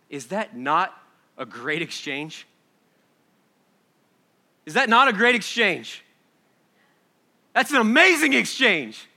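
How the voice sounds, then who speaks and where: A man in his thirties preaching a sermon to a congregation, swinging from loud exclamations to hushed asides. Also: high voice. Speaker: pastor. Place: church hall before a congregation.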